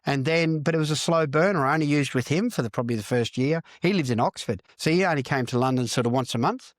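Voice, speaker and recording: Aussie guy, middle aged, swears a lot, animated storytelling, dead dry room. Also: on the high side, quick pace, no echo. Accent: Australian. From Australia. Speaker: podcast guest, recovering addict and counsellor. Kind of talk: candid storytelling interview.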